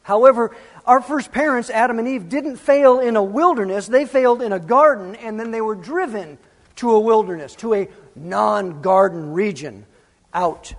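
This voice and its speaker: A man's voice: sits high, normal speed, long reverb tail. A man preaching a sermon as pastor, emphatic and full of rhetorical questions.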